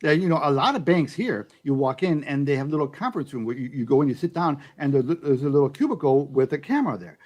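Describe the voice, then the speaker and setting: A man's voice: medium pitch, animated, quick pace, few pauses, darkish tone. A man talking in a casual podcast chat, often restarting his sentences with fillers before making emphatic points. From United States. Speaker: YouTube channel host.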